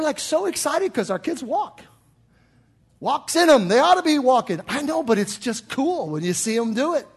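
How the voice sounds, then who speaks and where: An older man preaching a sermon in a church, animated, swinging from hushed talk to shouts. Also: high-pitched, husky. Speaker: pastor.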